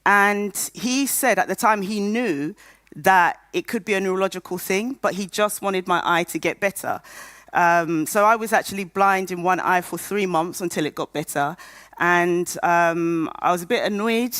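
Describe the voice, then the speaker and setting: A woman's voice: on the low side, moderate pace, a bit bright, dry recording. A woman in her thirties telling her personal story to a conference audience, candid and humorous, acting out the voices of people she quotes. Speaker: patient speaker at a conference. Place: conference stage.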